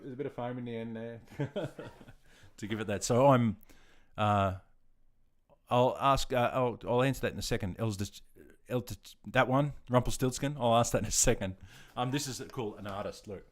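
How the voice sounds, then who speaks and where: A man in his fifties with an Australian accent, hosting a livestream and chatting casually with viewers. He is relaxed and self-deprecating, and he keeps calling people mate. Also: medium pitch. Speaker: livestream host. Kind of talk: casual livestream chat answering viewer comments.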